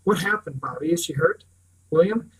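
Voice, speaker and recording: Man reading as anxious young woman, urgent, raised voice, a touch higher. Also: lively intonation, normal speed, breathy edge, distant mic, low-quality recording.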